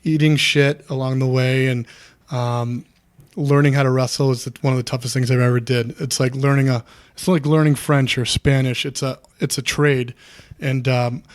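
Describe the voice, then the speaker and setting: Guy in his 30s rambling earnestly on a podcast, middle pitch, lots of restarts. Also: flat delivery, moderate pace. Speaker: guest, former pro wrestler. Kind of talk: candid podcast conversation.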